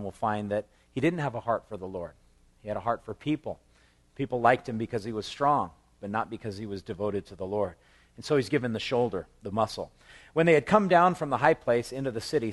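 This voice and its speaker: A man preaching verse by verse through a Bible passage in a relaxed, conversational way, breaking into animated voices for the people he quotes and chuckling at his own asides. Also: fairly low pitch. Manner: quotes scripture with lively acted voices. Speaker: pastor. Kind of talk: expository Bible teaching.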